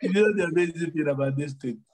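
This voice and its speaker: A man's voice: fairly high pitch, fast, breathy edge, low-quality recording. A man from Africa co-hosting a podcast, telling stories with emphatic repetition in a casual motivational chat. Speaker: podcast co-host.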